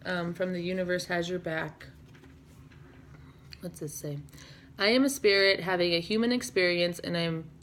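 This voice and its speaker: A woman's voice: medium pitch, a little hiss or hum. A young woman giving a casual tarot reading to her viewers, rambling and dreamy, full of "like" and "you know". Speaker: tarot reader.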